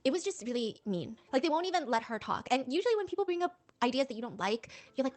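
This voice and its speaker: A woman recapping a reality show in casual commentary, animated and laughing, acting out quotes in different voices. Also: sits high, fast talker, few pauses. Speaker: host.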